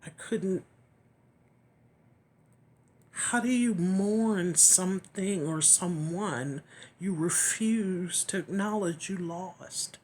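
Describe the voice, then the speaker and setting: A woman giving a heartfelt personal testimony, earnest and reflective, often pausing and sometimes dropping to a whisper. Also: on the low side, darkish tone, a little hiss or hum. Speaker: chronic illness vlogger.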